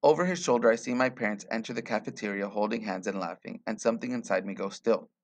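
A man reading a short story aloud in a quiet, measured way. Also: lowish voice. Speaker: reader.

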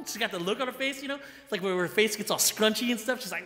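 Bright excited man on a live stream. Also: high voice, fast talker, roomy sound, long reverb tail. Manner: animated, laughing, repeats himself. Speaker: live-stream musician host.

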